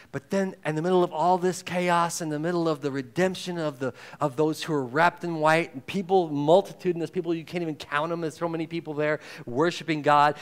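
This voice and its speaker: Man preaching a lively conversational sermon. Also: a little high. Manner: conversational preaching, acts out quoted voices; swings between loud emphasis and hushed intensity. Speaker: pastor.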